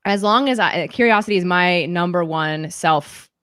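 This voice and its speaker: A woman's voice: fairly low pitch, moderate pace, fairly bright tone, clean tone, dry recording, clean studio sound. A woman coach in casual podcast conversation, reflective and explaining her approach.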